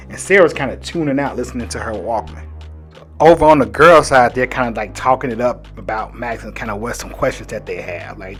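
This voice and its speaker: A man's voice: medium pitch, fast talker, soft background music. A man hosting a casual comic book recap in a loose, chatty way, leaning on "like" throughout. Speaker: host.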